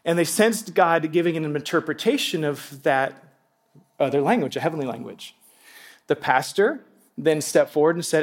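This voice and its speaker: Guy pastor with a pretty high voice, preaching in church, chatty storytelling, talks right to the crowd. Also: moderate pace. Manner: animated storytelling with asides and laughter; speaks directly to the congregation. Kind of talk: sermon. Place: church before a congregation.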